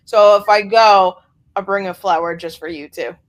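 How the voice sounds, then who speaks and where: A woman in her thirties, a guest on a podcast, chatting casually in an unhurried way. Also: mid-range voice.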